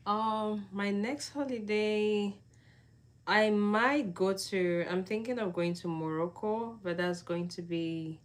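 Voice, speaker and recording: Slow-talking, low-voiced woman livestreaming. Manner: chatty, answers viewer comments, laughs often. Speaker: livestream host. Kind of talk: casual livestream chat with viewers.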